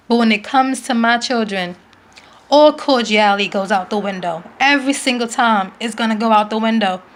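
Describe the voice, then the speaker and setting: Young New woman, twenties, earnest pleading vlog appeal, slightly high voice. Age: 20s. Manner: earnest, pleading, emphatic repetitions. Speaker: vlogger, parent. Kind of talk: emotional direct-to-camera appeal.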